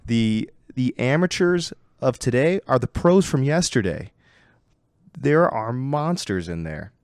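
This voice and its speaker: A man's voice: medium pitch, big pitch swings, measured pace, no echo, clean studio sound. A man who coaches martial arts, giving blunt, emphatic warnings in a casual conversation.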